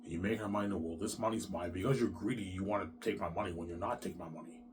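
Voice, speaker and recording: A man's voice: low voice, very fast, background noise. A man talking straight to his viewers in a long, rambling, profane monologue, repeating himself and restarting his sentences. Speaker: vlogger.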